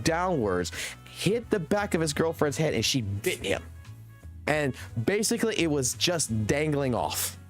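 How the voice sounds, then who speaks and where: A man in his thirties telling a long anecdote on a live stream, swearing constantly and rambling. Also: on the high side. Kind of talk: casual storytelling on a live stream.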